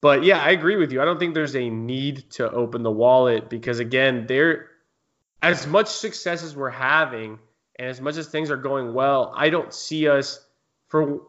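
A man's voice: mid-range voice, normal speed, fairly bright tone, lo-fi sound. A man hosting a casual sports podcast, chatting and reading listener questions. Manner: conversational, reads listener questions. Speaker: podcast host.

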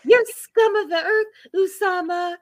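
Woman performing a wounded 67-year-old woman, high-pitched, pleading, close and dry. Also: measured pace, dry recording. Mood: furious. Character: upset 67-year-old woman confronting partner.

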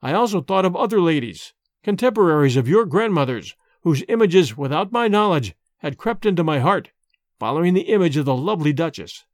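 Expressive male storyteller, lively pitch. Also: a little fast, no echo. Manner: expressive, old-fashioned storytelling. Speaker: narrator. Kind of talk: dramatic storybook reading. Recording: dry close recording with faint music.

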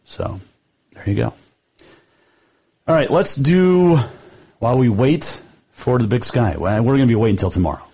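Chatty husky-voiced sports radio host man. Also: mid-range voice, animated, normal speed, long pauses, warm tone, dull audio. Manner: chatty, rambling, fond of trivia. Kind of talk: casual sports radio monologue.

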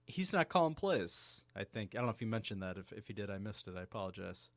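A man's voice: fairly low pitch, very animated, fast talker, a bit bright, no echo. A man co-hosting a casual sports chat, wry and easygoing. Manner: wry, easygoing, apologetic asides. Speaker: podcast co-host.

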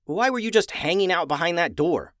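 A man voicing a cautious, curious young boy who asks quick questions. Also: high voice, lively intonation, a bit bright, no room sound, clean studio sound, voice pushed up.

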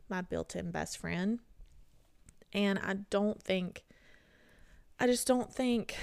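Young woman, podcast host, gravelly tired voice, heartfelt, rambling, self-deprecating, dry close sound. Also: mid-range voice, a little mellow, no room sound. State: tired voice, barely able to talk. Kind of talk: emotional solo podcast talk.

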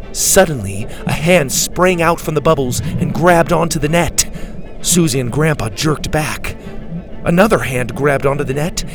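A man narrating a children's adventure storybook in a calm, expressive way. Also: a little high. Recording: faint music behind.

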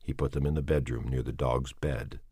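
A man narrating a dramatic audiobook in a measured, expressive way. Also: very deep voice, breathy edge, no echo, clean studio sound.

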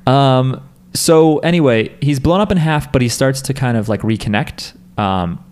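A man's voice: mid-range voice, moderate pace, darkish tone, clear, resonant tone. A man casually recapping an episode on a podcast, rambling with lots of filler words. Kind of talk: casual chat.

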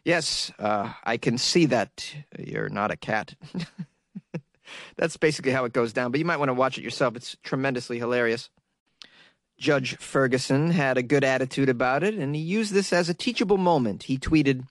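A man's voice: medium pitch, moderate pace, dry recording, clean studio sound. Sarcastic man hosting a comedy podcast. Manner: sarcastic, laughs at own jokes, animated outbursts. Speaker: podcast host. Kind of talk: comedic news commentary podcast.

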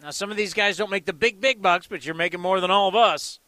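Male sports radio host, excitable and rhetorical, high bright voice. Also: fast talker, no room sound. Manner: excitable, rhetorical questions, acts out quotes. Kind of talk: animated sports talk commentary.

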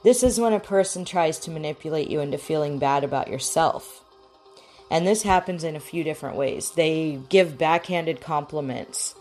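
A woman's voice: low-pitched, moderate pace, a little mellow, soft background music. A woman hosting a talk show, chatting frankly and casually, acting out the lines she quotes. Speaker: podcast host.

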